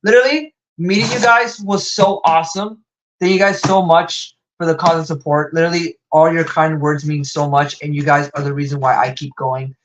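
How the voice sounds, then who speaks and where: A young man with a slight Latin American Spanish accent, hosting a live toy unboxing stream and gushing with excitement. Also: moderate pace, poor audio. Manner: excitable, gushing, wide pitch jumps.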